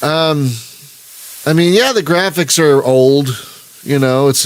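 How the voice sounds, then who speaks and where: A man of average pitch chats through a live gameplay stream, rambling and cutting himself off mid-sentence. He chuckles often and talks in a loose, casual way. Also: unhurried, a little hiss or hum. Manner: rambling, self-interrupting, chuckling. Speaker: gaming channel host.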